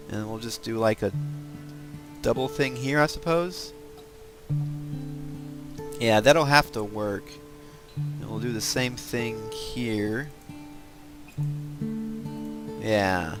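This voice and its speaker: A man with a Southern US accent, hosting a let's-play video and chatting casually while he builds, musing aloud with lots of fillers. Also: fairly low pitch. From American South. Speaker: gaming video host.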